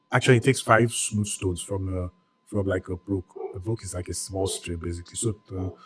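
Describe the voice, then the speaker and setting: A man's voice: on the low side, husky, poor audio. A man retelling a Bible story for a church audience in a casual, chatty way, full of "like" and "right?" and joking asides.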